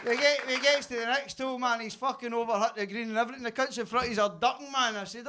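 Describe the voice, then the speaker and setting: A Scottish man performing stand-up with a fairly high voice. He tells his story loudly and swears freely. Clear background noise from the live club comes through the mic. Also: fairly even intonation. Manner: loud, sweary, quick storytelling. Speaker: stand-up comedian. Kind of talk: stand-up routine. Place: basement comedy club.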